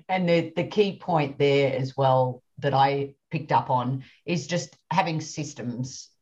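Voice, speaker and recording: Deep-voiced Australian woman, lo-fi. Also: takes it slowly, darkish tone. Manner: upbeat, encouraging, asks follow-up questions. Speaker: podcast host. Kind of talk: conversational interview hosting. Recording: dull lo-fi audio.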